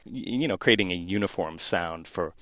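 A man from South Boston who is a newspaper reporter, speaking as a guest in a radio interview, relaxed and chatty with frequent fillers. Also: deep voice, normal speed, no echo, clean studio sound. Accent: faint Boston, mostly neutral American. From South Boston, USA.

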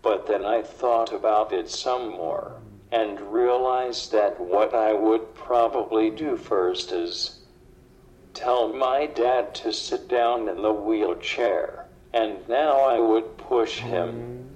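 A man speaking through a computerized synthetic voice, with flat, evenly spaced delivery. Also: lowish voice, slow, slight background noise. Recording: dull lo-fi playback.

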